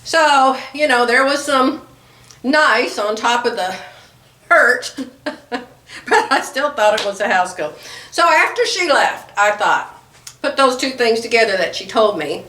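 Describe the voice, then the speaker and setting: A middle-aged woman with a high, bright voice, telling a sewing story to her viewers in a chatty, animated way and laughing often. Her pitch swings all over as she talks. The sound carries the echo of a room at home. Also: a little slow, recorded from a distance. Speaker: sewing vlogger. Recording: echoey room.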